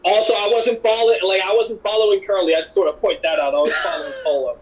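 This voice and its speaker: A man with a notably high voice talks in an emotional, rambling way. He fills his sentences with "like" and circles back on himself as he thanks the other players. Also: fairly even intonation, fast talker, a little hiss or hum, low-quality recording. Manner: rambling, heartfelt, heavy on "like". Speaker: game player. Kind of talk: emotional casual chat.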